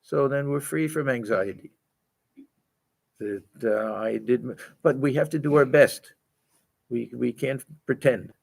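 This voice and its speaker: An older man with a gravelly, mid-range voice gives a scripture lecture. He talks gently and haltingly, often repeating words as he searches for the next thought. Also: mid-range voice. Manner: gentle, halting, many fillers and restarts. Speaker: swami teaching a scripture class. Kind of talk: spiritual lecture.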